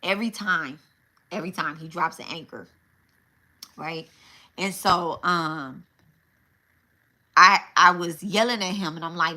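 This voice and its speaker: A woman's voice: on the low side, steady tone, a little slow, pauses often, sharp tone. A middle-aged woman giving a live psychic reading, talking loosely and often adding "right?" as she tells a story. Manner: conversational, tag questions, storytelling. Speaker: psychic medium.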